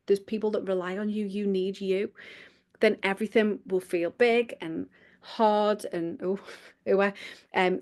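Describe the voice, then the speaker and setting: A woman's voice: medium pitch, darkish tone. A woman, a coach giving a live online workshop in a chatty, giggly, self-deprecating way with casual swearing. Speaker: business coach.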